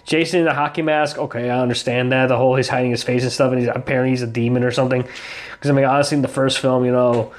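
A man's voice: medium pitch, fairly even intonation, fast. A man in casual podcast chat, rambling with plenty of fillers and restarts. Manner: rambling, filler-heavy, hesitant. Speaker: podcast co-host.

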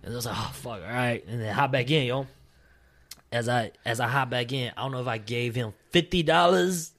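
A man's voice: mid-range voice, a little fast, fairly bright tone. Young man, casual chat, rambling, laughs often, slangy and profane. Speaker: storyteller.

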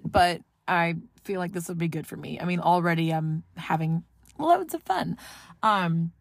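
A woman from Southeast Texas hosts a casual solo podcast from her car, holding a phone to her mouth and speaking at a moderate pace in a lowish voice with no echo. She rambles, swears freely, and pokes fun at herself.

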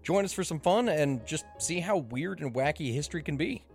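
A man's voice: fairly high pitch, animated, moderate pace, faint music behind. A man hosting a history podcast, reading an upbeat scripted promo.

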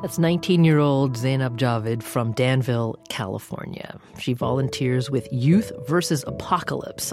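A woman radio host introduces guests and asks questions in a calm, measured way. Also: very deep voice. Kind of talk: broadcast interview hosting.

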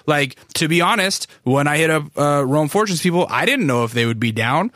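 A man in his thirties from Alaska, hosting a podcast in a casual, rambling, profane monologue, acting out quoted voices and jumping up high for them. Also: expressive, brisk, a bit bright, dry recording, clean studio sound. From Alaska, USA. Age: 30s. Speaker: podcast host. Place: recording studio.

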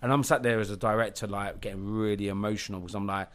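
A man's voice: lowish voice, fairly even intonation, quick pace, fairly bright tone, clean tone. A man, a documentary director, telling stories on a podcast in an emphatic way, swearing and restarting sentences. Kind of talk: animated podcast storytelling.

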